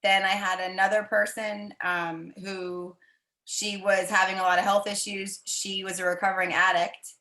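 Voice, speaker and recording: Bright-voiced woman telling a story on a call. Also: mid-range voice, normal speed, echoey room, poor audio. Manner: chatty, animated, acts out quoted voices. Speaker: team member sharing a story. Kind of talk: casual storytelling on a video call. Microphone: video call.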